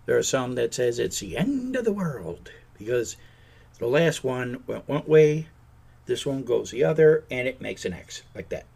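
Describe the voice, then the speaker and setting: A man's voice: medium pitch, big pitch swings, unhurried, vocal fry, a little mellow, breathy edge. A man hosting a podcast, giving an indignant, sarcastic political rant. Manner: indignant, sarcastic, mocks politicians in put-on voices. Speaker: podcast host.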